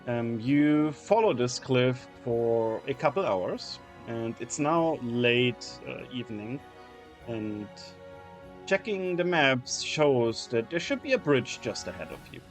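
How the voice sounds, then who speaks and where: A man narrating a tabletop game as game master, halting and repeating words often. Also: medium pitch, lively intonation, faint music behind.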